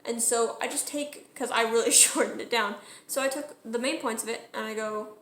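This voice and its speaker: A woman's voice: fairly high pitch, normal speed, a bit bright, roomy sound. A woman talking through how she builds her song cover in a casual tutorial, chatty and correcting herself as she goes. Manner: chatty, self-correcting, sings short phrases to demonstrate. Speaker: music cover creator.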